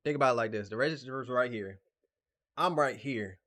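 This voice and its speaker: A young man on a casual podcast, excitable and jokey, telling stories with acted quotes. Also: medium pitch, no room sound, studio quality. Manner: fast, excitable, jokey, puts on meek apologetic voice in stories. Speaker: podcast co-host. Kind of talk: casual chat.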